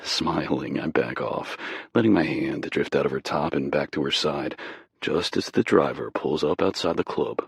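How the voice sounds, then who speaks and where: A man narrating a romance audiobook in the first person, with a slow, intimate, low-key delivery. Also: creaky, breathy edge, no echo, clean studio sound.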